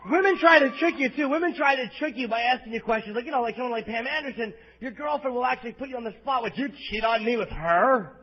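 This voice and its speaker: High-voiced crude stand-up comic, lo-fi bootleg. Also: male voice, very fast, few pauses, slightly rough. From East Coast of the US, New Jersey. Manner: crude, abrasive, profane ranting. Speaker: stand-up comedian. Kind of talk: stand-up comedy set. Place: comedy club stage. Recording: lo-fi live bootleg audio with faint crowd ambience.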